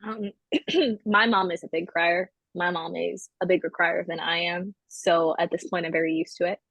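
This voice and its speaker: A woman's voice: fairly low pitch, steady tone, normal speed, a bit bright, breathy edge, no room sound, rough recording. A woman co-hosting a casual podcast, talking candidly and with self-mockery, with many fillers. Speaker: podcast co-host.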